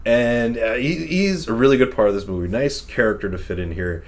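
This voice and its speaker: A man's voice: mid-range voice, fairly quick. A young man co-hosting a podcast and recapping a movie in casual chat. He rambles, laughs often and swears freely. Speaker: podcast co-host reviewing a movie.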